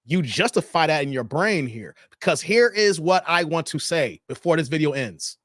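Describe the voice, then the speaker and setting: A man's voice: on the high side, normal speed, few pauses, no echo, studio quality. A man hosting a reaction channel, giving preachy dating commentary and acting out the people he quotes. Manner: animated, preachy, acts out quoted voices.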